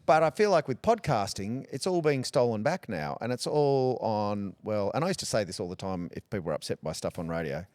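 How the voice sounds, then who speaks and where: A middle-aged Australian man talking candidly in a relaxed interview, joking and rambling through stories. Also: lowish voice, fairly quick, hardly any pauses, no room sound. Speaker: podcast guest, radio personality.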